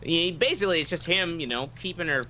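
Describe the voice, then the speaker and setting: A man's voice: fairly high pitch, quick pace, sharp tone, a little hiss or hum. A man telling a story casually and animatedly, acting out the voices of people in it and swearing freely. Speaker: podcast host telling a story.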